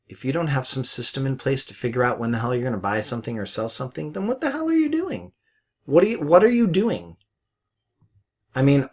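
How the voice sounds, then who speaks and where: A middle-aged man teaching forex trading over live market commentary, talking bluntly and repeating himself, with some swearing and laughter. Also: medium pitch. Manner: chatty, laughs at his own jokes.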